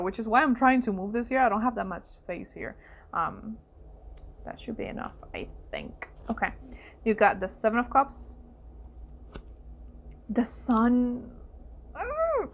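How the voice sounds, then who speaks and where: A woman's voice: mid-range voice, slight background noise. Emotional woman giving a card reading. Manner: emotional, fillers and exclamations, voice softening to hushed asides. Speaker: psychic tarot reader. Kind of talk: casual spoken card reading.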